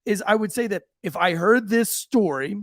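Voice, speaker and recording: A man's voice: sits high, lively intonation, normal speed, fairly bright tone, no echo, studio quality. A man hosting a podcast interview, a former police officer who cuts in to steer the talk. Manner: cuts in with repeated "listen". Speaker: podcast host, ex-cop.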